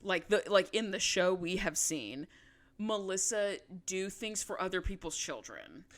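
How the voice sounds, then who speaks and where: A woman co-hosting a podcast in a casual recap chat, animated and swearing, acting out quotes in different voices. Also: mid-range voice, measured pace. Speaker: podcast co-host.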